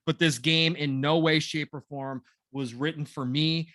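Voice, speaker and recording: A man's voice: on the high side, steady tone, a little slow, a bit bright, no echo, clean studio sound. Chatty middle-aged man hosting a gaming podcast. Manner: rambling, self-deprecating, sarcastic asides. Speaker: podcast co-host. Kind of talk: casual gaming news chat.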